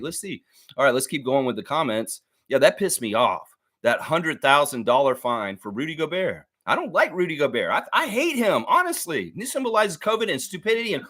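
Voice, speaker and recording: A male sports streamer on a heated, profane rant, hammering points home by saying them twice. His voice sits high and swings widely as he gets worked up, lively and restless from line to line. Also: normal speed. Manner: repeats lines for emphasis. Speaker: sports show host. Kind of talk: live-stream sports commentary.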